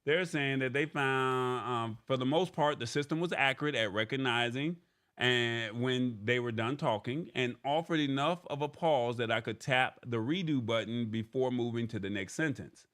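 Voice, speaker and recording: A man hosts a live tech news stream and talks through an article point by point. His voice sits at an ordinary middle pitch for a man. He keeps checking in with the audience by asking "all right?". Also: normal speed, fairly bright tone. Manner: explains step by step, often adding "all right?"; paraphrases an article aloud. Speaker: tech news show host.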